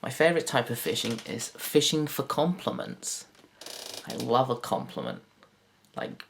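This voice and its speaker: A man doing a rambling, crude, self-mocking stand-up monologue to camera, jumping into silly high put-on voices. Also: big pitch swings, moderate pace, gravelly. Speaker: comedian.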